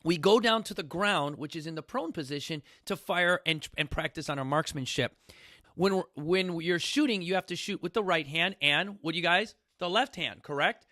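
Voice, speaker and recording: A man talks casually to a studio audience, full of energy and acting out bits of his stories. His voice sits high and sounds bright. The recording is dry and close. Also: normal speed, dry recording. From New York City. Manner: animated, repeats "you guys", acts out quotes. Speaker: fitness coach hosting a talk.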